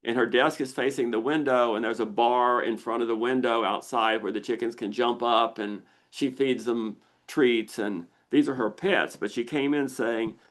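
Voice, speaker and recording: This is an older man hosting a live question-and-answer session over a video call. His voice sits at a middle pitch and he explains step by step. Now and then he breaks into animated exclamations to act out what the brain is thinking. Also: moderate pace, hardly any pauses. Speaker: misophonia researcher hosting a Q&A.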